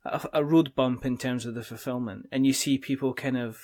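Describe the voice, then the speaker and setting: Rambling podcast host. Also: male voice, medium pitch, fairly even intonation, a little fast, a little mellow. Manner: rambling questions with many "kind of" fillers. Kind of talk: podcast interview, asking questions.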